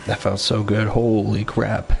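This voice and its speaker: A man's voice: on the low side, flat delivery, measured pace, creaky. A man streaming a game live, chatting casually and giggly, often breaking into laughter. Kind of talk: casual live-stream chat while gaming. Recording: faint game music underneath.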